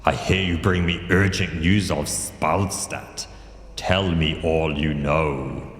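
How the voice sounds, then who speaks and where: A man voicing a pompous older king who speaks in slow, grand declamations. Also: very deep voice, fairly even intonation, a bit bright, echoey room, in a large hall, exaggerated voice. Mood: regal.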